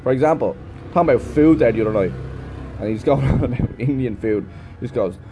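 A man's voice: medium pitch, fairly quick, noisy background. Rambling, swearing man. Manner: rambling, chatty, swears freely. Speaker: English teacher. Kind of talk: casual vlog monologue.

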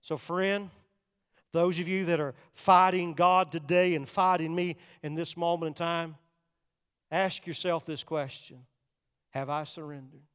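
An older man preaching a sermon, swinging between loud, urgent passages and hushed, quiet ones. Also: on the high side, fairly even intonation, measured pace, smooth, long reverb tail. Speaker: pastor.

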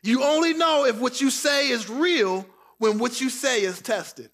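A man preaching a sermon, reading scripture and acting out quoted lines, dropping soft and slow for tender words. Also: very high voice. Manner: preaching with dramatic quoted voices, drops soft for Jesus' words. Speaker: pastor.

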